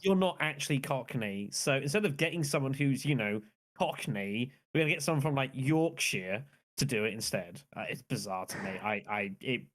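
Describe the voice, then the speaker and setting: A man's voice: mid-range voice, expressive, moderate pace, fairly bright tone. A man chiming in on a casual podcast roundtable with short, wry remarks. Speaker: podcast panelist.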